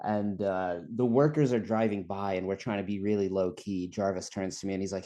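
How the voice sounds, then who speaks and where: A young man with a fairly low voice tells a long, rambling story in casual conversation. He laughs often and swears freely as he goes. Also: fairly even intonation, a little fast, few pauses, mellow. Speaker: guest storyteller. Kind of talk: casual chat.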